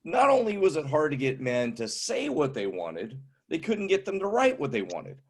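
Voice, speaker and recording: Husky fifty-something stand-up comic. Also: male voice, on the high side, moderate pace. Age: 50s. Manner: wry, deadpan setups. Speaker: stand-up comedian. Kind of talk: stand-up comedy.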